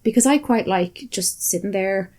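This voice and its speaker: A woman co-hosting a casual podcast, blunt and quick to swear. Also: mid-range voice, darkish tone. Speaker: podcast co-host. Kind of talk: casual chat.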